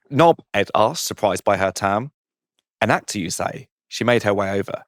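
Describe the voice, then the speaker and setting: Low-voiced man reading a cheeky comic story. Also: moderate pace, no room sound, clean studio sound. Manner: playful, laughs through his own jokes. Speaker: comedian guest reading his story.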